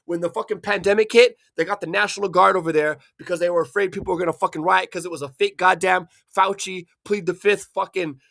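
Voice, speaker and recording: A man from Hawaii delivering an angry, profanity-filled rant, swearing constantly and bursting into shouts. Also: high-pitched, gravelly. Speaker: vlogger.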